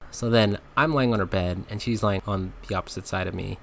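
A man hosting a podcast, telling a frank comic story in a casual, animated way and laughing often. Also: lowish voice, brisk, vocal fry. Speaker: podcast host.

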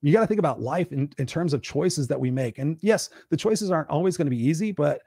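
Man, motivational live-stream host, slightly high voice, dry close sound, emphatic and preachy. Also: expressive, fast, creaky, mellow, husky, dry recording. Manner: preachy, emphatic, asks and answers his own questions; acts out whiny quoted complaints in a high voice. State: tired and burned out. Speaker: parent.

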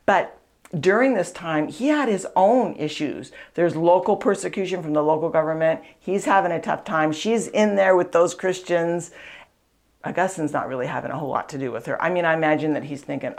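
Her voice is low and a little mellow, moving fairly quickly. As a podcast host, author and speaker, she recounts a saint's story for her faith audience in an earnest, conversational style, teaching as she goes and often stepping aside for tangents.

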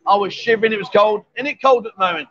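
A man's voice: high voice, racing, pushed and bright, highs cut off. A man hosting a casual live stream from a busy bar, joking and reading viewer comments aloud. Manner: chatty, jokey, reads viewer comments aloud.

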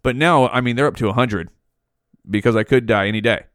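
Man in his 40s, podcast host, heated foul-mouthed rant, mid pitch, dead dry close mic. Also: brisk, a bit bright, clean tone, dry recording. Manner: profane, heated ranting. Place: small hot home room. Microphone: mouth right up against the mic.

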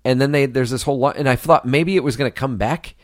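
A man's voice: mid-range voice, quick pace, dry recording, clean studio sound. A man co-hosting a podcast, chatting casually and enthusiastically about a movie, laughing often and swearing now and then. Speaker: podcast co-host. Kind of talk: casual movie review chat.

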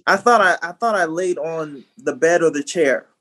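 Podcast co-host, male, somewhat high pitch, halting delivery with restarts and chuckles. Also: pushed and bright. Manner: hesitant, repeats words, chuckles. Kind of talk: casual storytelling chat.

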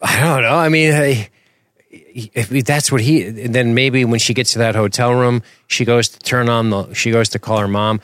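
A man's voice: medium pitch, normal speed, no room sound. A man co-hosting a podcast in casual chat, telling stories with lots of laughing and swearing. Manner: animated storytelling, acts out scenes, laughs often, swears. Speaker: podcast co-host.

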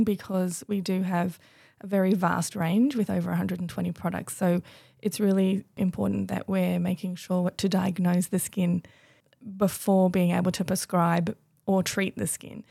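A young adult woman, a guest on a podcast, explaining things in a measured, informative way. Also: mid-range voice, vocal fry, mellow, husky, dry recording, studio quality. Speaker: brand distributor guest.

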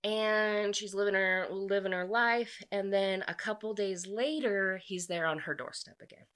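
A young woman casually retelling a book's plot in a chatty, animated way, full of filler "likes". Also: medium pitch, measured pace, clean tone. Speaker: book vlogger.

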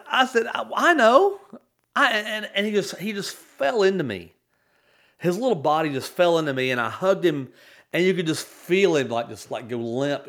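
A man's voice: high voice, fairly bright tone. A man in his forties telling a tender family story on a talk show, rambling with many restarts and fillers. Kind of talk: storytelling in casual chat.

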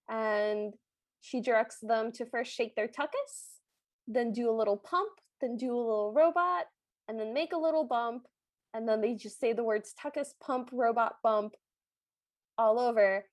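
A woman's voice: on the high side, normal speed, no room sound. A woman co-hosting a podcast, chatting casually and acting out quotes with playful voices. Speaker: podcast co-host. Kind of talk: casual chat recapping a TV special.

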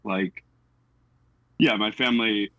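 A man's voice: fairly low pitch, fairly even intonation, takes it slowly, bright, forceful tone, no echo, low-quality recording. A young man from the United States, chatting casually as an interviewee, self-deprecating and full of fillers.

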